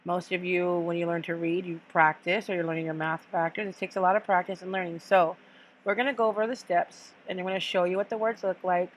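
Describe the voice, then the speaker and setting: A woman teacher with a fairly low voice leads a recorded lesson for children. She talks slowly and patiently and repeats each word so students can echo it. A faint hiss sits under the recording. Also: flat delivery. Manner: slow, patient, repeats words for students to follow.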